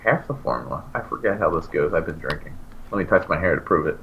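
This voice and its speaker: A man's voice: quick pace, vocal fry, a little hiss or hum. A man co-hosting a casual podcast, ranting through stories with his voice leaping all over the place. The sound is a bit dull and lo-fi. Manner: animated ranting storyteller with big pitch jumps. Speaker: podcast co-host. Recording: slightly dull lo-fi recording.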